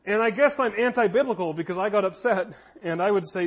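A man in his thirties delivers a sermon in an easy, conversational way. His voice sits high for a man. The recording sounds dull and lo-fi. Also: fast, hardly any pauses, husky. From United States. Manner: conversational preaching, shifts into voiced anecdotes. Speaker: pastor. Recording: dull lo-fi audio.

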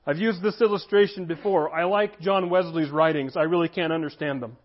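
A man with a high voice delivers a sermon, earnest and emphatic, drawing out key phrases. The recording sounds a little dull and lo-fi. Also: fairly even intonation, a little fast. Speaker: pastor.

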